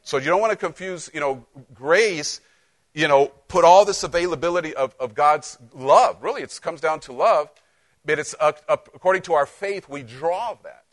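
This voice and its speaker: A male pastor preaching a sermon in church, passionate and full of restarts, swinging between loud emphasis and quiet asides. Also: a little high, moderate pace. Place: church sanctuary.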